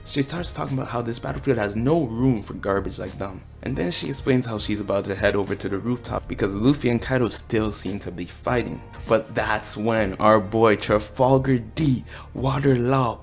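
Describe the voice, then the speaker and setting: Excitable, slangy man with a gravelly voice. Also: mid-range voice. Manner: excitable, slangy and profane, acting out quotes. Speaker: anime and manga reviewer. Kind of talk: casual chapter review.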